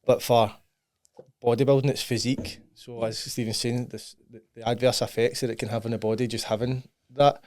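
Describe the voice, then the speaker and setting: A man's voice: mid-range voice, flat delivery, fairly quick, a little mellow, dry recording. Candid Scottish man, dry close sound. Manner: candid, laughs often, says aye and right. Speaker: podcast guest, bodybuilding client. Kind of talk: casual chat.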